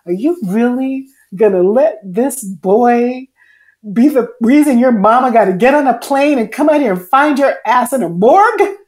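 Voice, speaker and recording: A woman's voice: fairly high pitch, lively intonation, normal speed, darkish tone, pitched above the performer's own voice, natural voice. A woman voicing a blunt, fed-up mother who is scolding her in a sassy, exasperated way.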